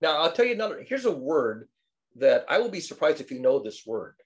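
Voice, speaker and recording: An older man in a casual group discussion, telling wry stories in a lively, animated way. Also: on the high side, fairly quick. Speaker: study group participant.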